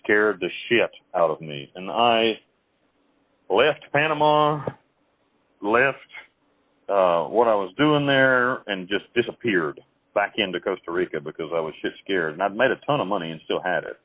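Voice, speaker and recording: A man on a tinny, phone-like line, telling his own stories in a low, husky voice. He rambles along with restarts and quick acted-out quotes. The sound is dry and close. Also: lively intonation, no room sound. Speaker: interview guest.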